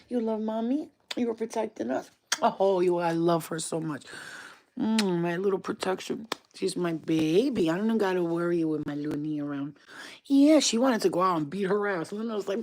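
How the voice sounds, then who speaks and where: A woman's voice: lowish voice, fairly quick, darkish tone. Profane, slangy woman live-streaming from home. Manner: profane, slangy street talk; coos baby talk to her dog. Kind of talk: casual live-stream chat. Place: at home at night.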